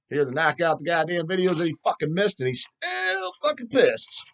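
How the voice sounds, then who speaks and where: A man's voice: a little high, normal speed. A middle-aged man hosting a metal channel, ranting profanely and answering viewer questions. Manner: profane, animated, mocks people in put-on voices.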